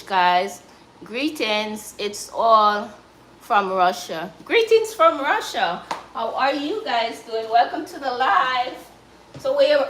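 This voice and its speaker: Jamaican woman hosting a cooking live stream; encouraging, calls everyone guys; slightly high voice, echoey room. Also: a bit bright, slight background noise. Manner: chatty, encouraging, addresses viewers as guys. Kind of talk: casual live-stream chat while cooking.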